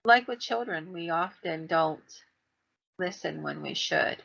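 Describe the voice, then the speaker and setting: A woman's voice: on the low side, animated, slow pace, gravelly, fairly bright tone. A middle-aged woman telling a long, winding story on a podcast in a chatty way, acting out the lines she quotes. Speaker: podcast co-host telling ghost stories. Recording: dull, lo-fi podcast audio.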